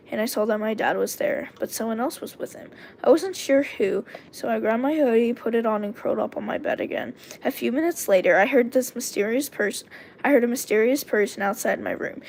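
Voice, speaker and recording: Gravelly-voiced woman reading her story aloud. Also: on the high side, a little mellow, slight background noise. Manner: casual, with self-corrections and asides to chat. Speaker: streamer. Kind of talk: reading her own story aloud on a livestream, chatting with viewers.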